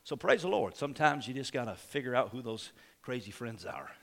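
A male pastor preaching a sermon with fiery shouts, calls of amen and exhortations to the congregation. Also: medium pitch, sing-song, fairly quick, creaky.

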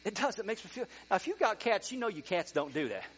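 A middle-aged male pastor preaching a sermon, animated, swinging from quiet talk to excited near-shouting. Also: high voice, fast talker. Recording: dull lo-fi sound with mains hum.

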